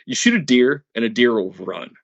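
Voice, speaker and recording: A man's voice: medium pitch, sing-song, moderate pace, no echo, muffled recording. A man guest on a podcast, earnestly telling a hunting story step by step, with many restarts. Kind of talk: casual storytelling interview.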